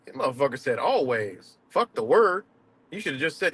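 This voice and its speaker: A man's voice: mid-range voice, very animated, moderate pace, a bit bright, husky, no room sound. A man on a live stream, ranting in a heated and confrontational way, swearing often and repeating himself. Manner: profane, confrontational, repetitive.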